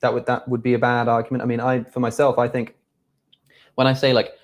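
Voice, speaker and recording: A man's voice: medium pitch, monotone, fairly quick. A man arguing in a panel discussion, stammering and repeating words as he makes his point. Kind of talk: casual debate.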